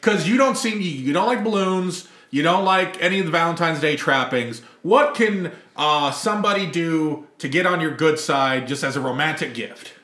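A man's voice: on the high side, normal speed, few pauses, bright, forceful tone, echoey room. A man hosting a casual group chat, teasing his co-hosts, laughing often and steering the talk with questions. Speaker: podcast host.

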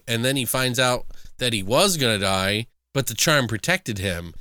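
A man hosts a podcast as a film reviewer, recounting a movie's plot in casual, profane, animated chat. His voice is mid-range at a moderate pace, and the clean studio recording has no room sound.

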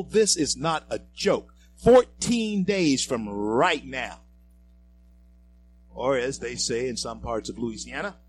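A man's voice: medium pitch, animated, slow, a little hiss or hum. A male radio talk show host giving emphatic, preachy political commentary and speaking straight to his listeners. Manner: emphatic, preachy, addresses listeners as folks and friends.

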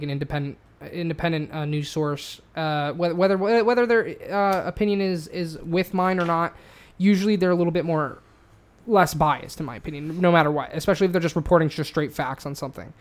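A man's voice: on the high side, fairly even intonation, fast talker. A man in casual chat, ranting heatedly with lots of swearing and stumbling restarts. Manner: heated, profane, repetitive restarts.

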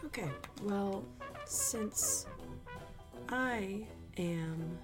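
A woman's voice: mid-range voice, huge pitch swings, extremely slow, over music. A young woman voice actor running a mic test, talking to herself in a self-deprecating way and swearing freely. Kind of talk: casual chat.

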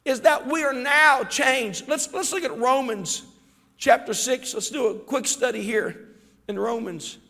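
A man preaching a fervent sermon as pastor, swinging between shouted peaks and quiet, low asides. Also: a little slow. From Ohio. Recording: reverberant church hall.

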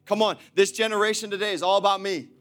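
A man pastor preaching an energetic, repetitive sermon in a church, laughing often. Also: high-pitched, fast talker. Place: church auditorium.

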